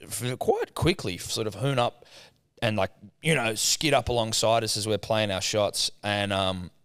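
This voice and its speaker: A man, a podcast co-host, telling a lively, heavily sworn anecdote in casual chat. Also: on the low side, unhurried. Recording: long room reverb.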